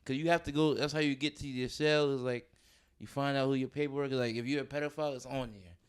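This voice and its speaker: A young man co-hosting a comedy talk show, joking around casually, laughing often and slipping into quick voices. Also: medium pitch, clear, resonant tone. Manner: laughing, animated storyteller doing quick voices. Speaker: comedian co-host.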